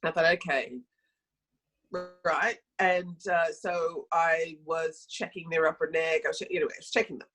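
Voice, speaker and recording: A middle-aged woman, a health practitioner, talking on a podcast and telling stories from her practice in a lively, self-correcting way. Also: sits low, brisk, few pauses, soft background music, poor audio. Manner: storytelling, animated, self-correcting. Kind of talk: conversational podcast talk.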